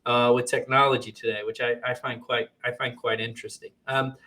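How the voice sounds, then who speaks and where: A man's voice: medium pitch, flat delivery, a little fast, pushed and bright. Hesitant man hosting a conversation. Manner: hesitant, many restarts and fillers. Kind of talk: casual conversation.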